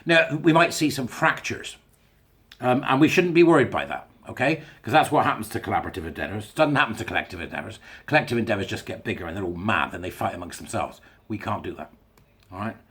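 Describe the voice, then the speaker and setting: A man's voice: fairly low pitch, lively intonation, fast, a bit bright. A man hosting his own show, talking to listeners in a blunt, jokey way and laughing at his own jokes. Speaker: podcast host. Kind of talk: casual monologue.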